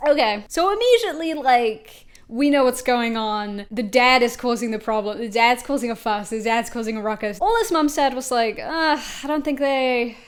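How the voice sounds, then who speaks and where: A woman's voice: on the high side, expressive, moderate pace, hardly any pauses. A woman YouTube commentator reading tweets aloud with wry, sarcastic, self-mocking comedy.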